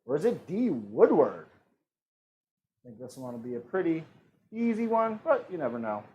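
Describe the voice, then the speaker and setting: A man's voice: a little high, big pitch swings, moderate pace, mellow, dull audio, a little hiss or hum. A man hosting an online trivia game, reading questions and options in a joking, playful way. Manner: joking, reads multiple-choice options with playful voices. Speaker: trivia host. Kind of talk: live-streamed trivia hosting.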